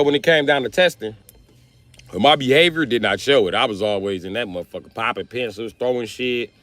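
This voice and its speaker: A man streaming live, telling profane stand-up stories in a loud, swearing manner. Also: mid-range voice, dry recording. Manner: loud, animated, swearing freely. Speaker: comedian streamer.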